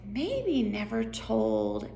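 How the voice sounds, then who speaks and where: A woman doing a slow, sly talking cat. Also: medium pitch, wildly swooping pitch, creaky, mellow, roomy sound, a little hiss or hum, heavily acted. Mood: knowing.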